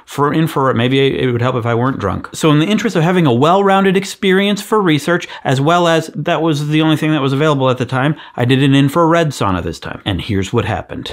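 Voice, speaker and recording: A man's voice: fairly high pitch, expressive, fast, few pauses. A man hosting a casual vlog, jokey and self-mocking, talking straight to the camera. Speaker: vlogger host. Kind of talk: casual vlog chat with comic asides.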